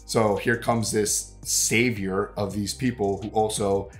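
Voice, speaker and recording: A man's voice: fairly low pitch, fairly even intonation, slow pace, faint music behind. A man with a sick, congested voice chatting casually as a co-host of a movie reaction, rambling with lots of fillers and casual swearing. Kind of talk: casual chat.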